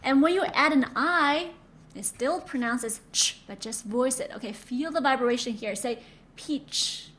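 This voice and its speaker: A woman's voice: high-pitched, moderate pace, a bit bright. A woman teaching Mandarin pronunciation in an online lesson, patiently demonstrating sounds and repeating words for students to copy. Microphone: own microphone.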